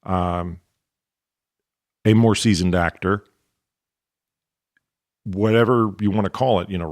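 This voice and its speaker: A man's voice: on the low side, no echo, clean studio sound. A man hosting a podcast interview, working through ideas aloud and checking them with questions. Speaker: podcast host. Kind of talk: casual interview chat.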